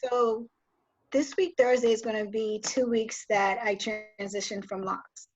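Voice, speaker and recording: Higher-voiced woman caller, explains things step by step, muffled call line. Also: steady tone, husky. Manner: measured, explanatory, a bit hesitant. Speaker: caller asking for hair advice. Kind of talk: casual video call chat.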